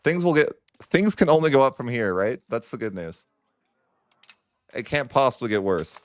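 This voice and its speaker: A young man commentates on his own strategy game session, sounding exasperated and whiny, with a sarcastic streak. His voice is mid-range with big pitch swings, at a normal speed.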